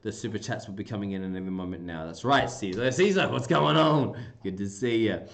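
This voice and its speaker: An Australian man hosting a casual livestream, talking in an animated, jokey way. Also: fairly low pitch, a little fast, vocal fry, slight background noise. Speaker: livestream host, heavy metal singer.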